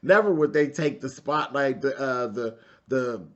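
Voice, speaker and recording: A man's voice: medium pitch, measured pace. Sassy gossiping man, dull lo-fi sound. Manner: sassy and gossipy, drawling "honey" and "child". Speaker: reality TV reviewer. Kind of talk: casual episode recap commentary.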